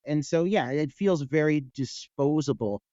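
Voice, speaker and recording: Male co-host, a touch high, mellow, chatty with lots of "like", dull dry sound. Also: a little slow, no echo. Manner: hedging, filler-heavy, with mimicked quotes. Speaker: podcast co-host. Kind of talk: casual film discussion.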